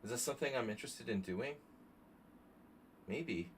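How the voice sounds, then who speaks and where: A man's voice: medium pitch, lively intonation, normal speed, slight background noise. A man streaming blitz chess, thinking aloud through his moves and chatting with viewers as he plays. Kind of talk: live stream commentary while playing blitz chess.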